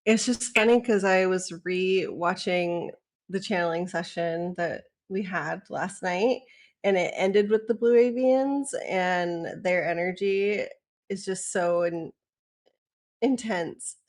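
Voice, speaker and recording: A woman's voice: lowish voice, slow pace. A woman shares her experience with her spiritual group over a video call. She is gushing, giggly and heartfelt. She takes her time with her words. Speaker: community member. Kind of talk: casual group video chat.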